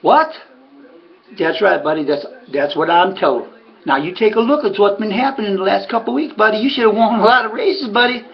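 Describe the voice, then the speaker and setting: A man's voice: high voice, expressive, a little fast, creaky, lo-fi sound, pitched above the performer's own voice. A man imitating his horse owner, an older Southern man who drawls and keeps calling him buddy. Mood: urgent. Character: Ray, older male horse owner, folksy and confiding.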